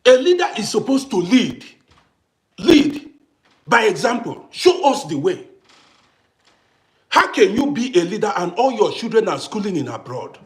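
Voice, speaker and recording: A man's voice: high-pitched, very animated, measured pace, long pauses. A man from Africa delivering an impassioned monologue to camera, ranting and firing off rhetorical questions while repeating himself for emphasis. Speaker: vlogger.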